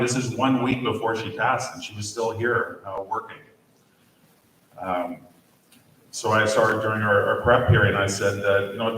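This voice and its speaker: Teacher in his fifties at a distant podium. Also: fairly low pitch. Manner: halting, many fillers, gently humorous. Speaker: teacher giving memorial remarks. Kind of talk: memorial speech. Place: large echoey school room at a podium. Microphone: distant podium mic. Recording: echoey room, distant mic, faint noise.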